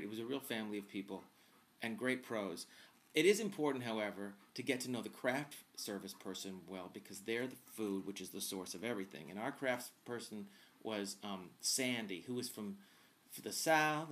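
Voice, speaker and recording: A man's voice: medium pitch, fairly bright tone. A man hosting a casual vlog, answering viewer questions in a chatty, campy, wisecracking way.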